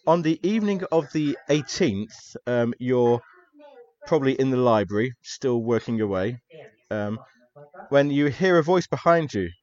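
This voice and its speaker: A man's voice: mid-range voice, unhurried, dull audio. Easygoing man narrating a tabletop game. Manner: relaxed, chatty narration with frequent ums and laughs. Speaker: game master.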